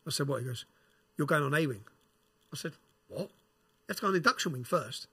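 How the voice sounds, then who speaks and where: A man telling a prison story as a podcast guest, animated, swearing and using slang. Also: fairly high pitch, quick pace, slightly rough. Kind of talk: casual storytelling.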